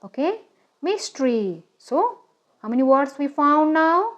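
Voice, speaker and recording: Slow, high-pitched woman teaching phonics. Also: very animated, a bit bright. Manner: slow, deliberate, often asks "okay?". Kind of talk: children's phonics lesson.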